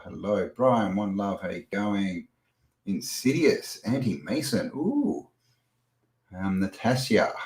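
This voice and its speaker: A man's voice: lowish voice, gravelly, a little mellow, rough recording. A man with an Australian accent hosting a livestream in casual chat, joking and laughing often. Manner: joking, laughs often, reads out viewer names. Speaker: livestream host.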